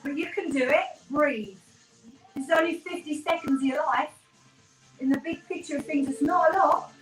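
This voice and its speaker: A woman runs a home workout, upbeat and encouraging as she counts reps, a little out of breath. Her voice sits high and bright. It is picked up from across a small, echoey room with faint music behind her. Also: normal speed. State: slightly out of breath. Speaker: fitness instructor. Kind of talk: live home workout coaching. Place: small room in a terraced house. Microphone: no microphone, camera mic from across the room. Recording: roomy, distant, with workout music.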